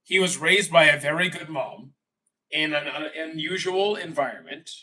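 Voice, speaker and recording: A man's voice: fairly high pitch, normal speed, bright, forceful tone, distant mic. A young Canadian man chatting casually on a live stream, rambling and correcting himself mid-sentence with exasperated asides. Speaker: streamer answering chat.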